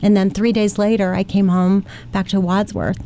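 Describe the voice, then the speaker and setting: A woman's voice: mid-range voice, little pitch movement, normal speed, mellow, slight background noise. A middle-aged woman from Ohio, earnestly recounting a past experience as a guest on a radio interview. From Ohio, United States. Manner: earnest, emotional storytelling with acted quotes. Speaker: interview guest, flight attendant.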